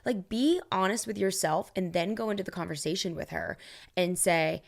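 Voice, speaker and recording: A young woman with a slightly low voice co-hosts a relaxed podcast. She backs up her partner's advice with supportive, agreeing remarks and quick asides. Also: vocal fry. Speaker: podcast co-host. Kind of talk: casual advice chat.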